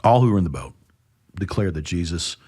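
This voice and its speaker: A man hosting a church podcast, retelling a Bible story in a lively, conversational way and acting out the dialogue. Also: a little fast, breathy edge. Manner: animated retelling, acts out dialogue with lively pitch jumps.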